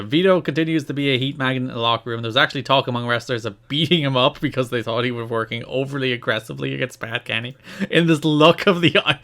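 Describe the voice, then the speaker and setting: Animated laughing male podcast co-host. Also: vocal fry. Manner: animated, laughing, jumps high in pitch when exasperated. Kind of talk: casual chat.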